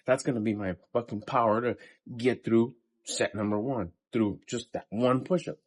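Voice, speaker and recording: A man's voice: mid-range voice, normal speed. A man in his fifties giving a casual, profane motivational talk between workout sets in a day-in-my-life vlog. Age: 50s. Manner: blunt, profane and pep-talking. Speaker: vlogger.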